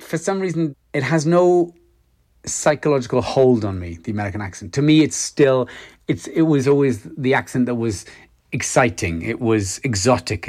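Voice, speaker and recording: A middle-aged Welsh man, an actor being interviewed, speaking reflectively with frequent hesitations and restarts. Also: mid-range voice. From Wales. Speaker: actor guest. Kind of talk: interview conversation.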